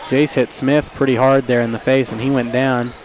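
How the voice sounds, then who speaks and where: A man calling a basketball game play by play, jokey and quick to get excited on big plays, in a school gym. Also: medium pitch, a little hiss or hum. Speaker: play-by-play announcer. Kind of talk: live basketball commentary.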